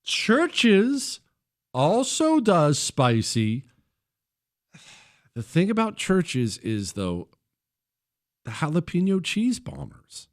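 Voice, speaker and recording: Male talk radio host, slightly high voice, very lively pitch, joking banter, studio mic. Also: extremely slow, pauses often. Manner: joking, teasing an off-mic producer, riffing on headlines.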